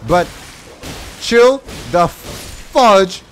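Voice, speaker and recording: A man giving excitable let's play commentary, talking to enemies on screen and exclaiming over the game. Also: sits high, drawn-out words, slight background noise. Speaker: gaming YouTuber. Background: game music.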